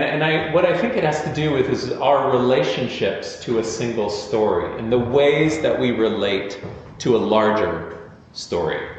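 A man, the pastor, giving an informal sermon in a storytelling, self-deprecating way. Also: mid-range voice. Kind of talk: conversational sermon. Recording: echoey hall, dull lo-fi sound.

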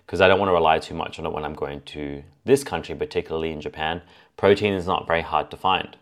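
Deep-voiced man hosting a fitness podcast. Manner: chatty, lists points as A and B. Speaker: fitness coach podcast host. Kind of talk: casual solo podcast talk.

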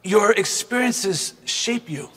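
A man's voice: high voice, slow, a bit bright, breathy edge, in a large hall. A man giving a devotional reflection through personal storytelling. He is earnest and reflective and speaks directly to the listener.

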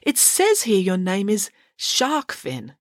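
Lady doing a soft-spoken middle-aged counsellor guy, soothing, bit nervous, dry sound. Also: mid-range voice, wildly swooping pitch, slow pace, dry recording, voice pushed up, exaggerated voice. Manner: gentle and soothing.

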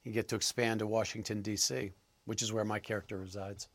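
Male actor guest, low-pitched, halting and thoughtful delivery, dry close sound. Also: little pitch movement, fairly bright tone, no echo. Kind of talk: interview answers.

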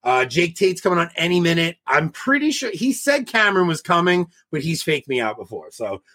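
A man's voice: fairly high pitch, big pitch swings, fairly quick, sharp tone. A man hosting a casual live-stream chat over a video call, joking and rambling with many restarts. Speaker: show host.

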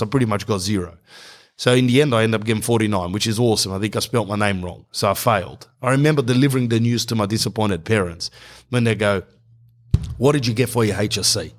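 Man telling a comic story. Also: fairly low pitch. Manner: animated, acts out characters in dialogue. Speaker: comedian.

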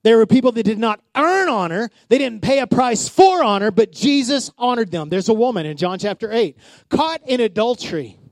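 A man's voice: very high-pitched, big pitch swings, moderate pace, no room sound. A man in his forties preaching a sermon, telling stories with acted-out quotes and calling on the congregation to respond. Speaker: pastor.

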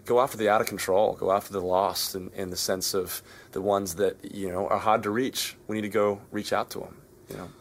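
Urgent low-voiced Australian man. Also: fairly even intonation, brisk, a little hiss or hum. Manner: urgent, repeating his points. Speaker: musician guest. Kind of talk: backstage interview answer. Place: backstage at a concert venue.

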